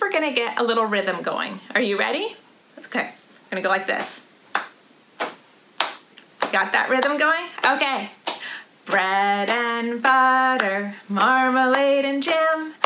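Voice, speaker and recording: A woman's voice: mid-range voice, pushed and bright. A woman librarian leading a storytime for young children, cheerful and sing-song, talking straight to the kids. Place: library or home, indoors.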